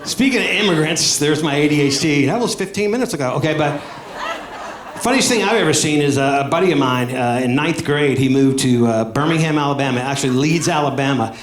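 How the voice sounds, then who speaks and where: A man with a Southern US accent doing animated, high-energy stand-up comedy on a club stage. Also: brisk. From American South. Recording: echoey club with crowd and noise. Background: laughing audience.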